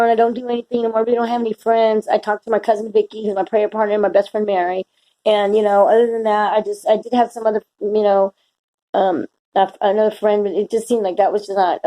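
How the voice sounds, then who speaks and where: Middle-aged woman, mellow tone, rambling heartfelt faith vlog, lots of restarts. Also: on the high side, low-quality recording. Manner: rambling, emotional, frequent restarts. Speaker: Christian vlogger. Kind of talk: casual personal testimony.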